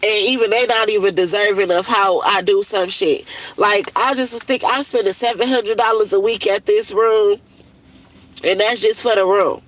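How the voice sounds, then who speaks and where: A woman's voice: medium pitch, fairly even intonation, moderate pace, rough recording. Blunt, profane woman in her thirties venting. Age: 30s. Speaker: livestreamer. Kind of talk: casual venting monologue.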